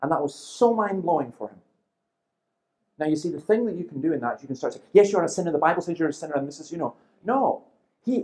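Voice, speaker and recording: A man in his fifties delivers a seminar talk in a lively storytelling manner. He slips into the voices of people in his anecdotes and keeps a dry, humorous edge throughout. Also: a little high, rough recording. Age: 50s. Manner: lively storyteller who acts out quoted people, with dry humour. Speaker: seminar speaker.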